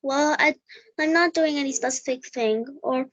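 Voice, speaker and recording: A young girl from India speaks over a video call in Indian English, reaching for a British accent. Her voice is high and she hesitates, repeating words as she goes. The call audio is dry and dull. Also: moderate pace, dry recording. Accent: Indian English, imitating British. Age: child.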